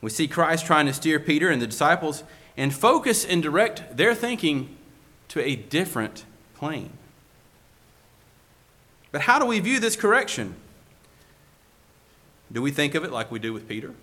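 A man's voice: fairly high pitch, very animated, moderate pace, long pauses, bright, forceful tone. A male preacher giving a sermon, asking the congregation one rhetorical question after another.

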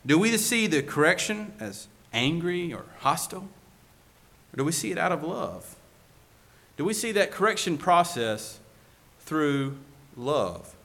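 A man's voice: a little high, sharp tone. A male preacher giving a sermon, asking the congregation one rhetorical question after another.

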